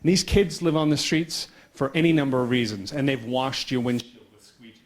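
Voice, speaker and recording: A man telling a story at a conference talk, brisk and animated. He slips into the voices of the people in his tale, then slows himself down for the audience. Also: mid-range voice. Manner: animated storyteller acting out dialogue; quick pace with slowing down. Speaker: conference speaker.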